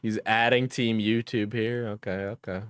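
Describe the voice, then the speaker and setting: A man's voice: lowish voice, fairly even intonation, moderate pace, a bit bright, clean tone, no echo, clean studio sound. A man streaming live and reacting to online drama, joking and laughing often as he talks to his chat. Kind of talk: casual livestream reaction commentary.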